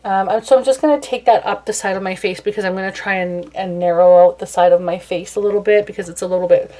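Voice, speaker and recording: A woman's voice: mid-range voice, fairly even intonation, fast talker, mellow. A young woman chatting casually through a makeup tutorial, self-deprecating and talkative. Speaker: beauty vlogger.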